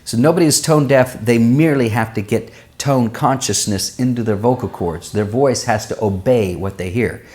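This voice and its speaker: Man, vocal coach, explanatory tone, mid-pitched voice, sung demonstrations. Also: normal speed, few pauses, darkish tone. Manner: demonstrates vowels and pitches with his voice; explanatory, uses everyday comparisons. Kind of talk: answering viewer questions on singing.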